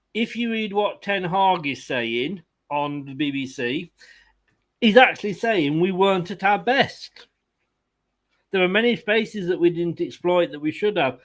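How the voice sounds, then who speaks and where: A man's voice: high-pitched, a bit bright. A man hosting a fan channel's post-match chat, reading viewer comments aloud with exasperation and the odd swear.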